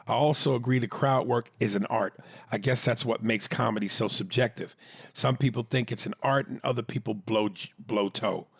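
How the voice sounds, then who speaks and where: Gravelly man reading listener comments. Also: medium pitch, no echo, studio quality. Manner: reads comments aloud with jokey asides. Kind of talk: casual comedic podcast chat.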